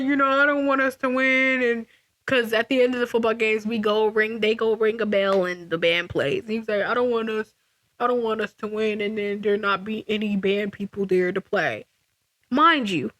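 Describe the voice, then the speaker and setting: A young woman with a high, bright voice tells a storytime to her camera. She talks with a sassy, animated swing and jumps all over her range. The sound is close and dry. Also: no room sound. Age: young adult. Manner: animated and sassy, laughing, frequent restarts. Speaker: vlogger. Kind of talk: casual storytime vlog.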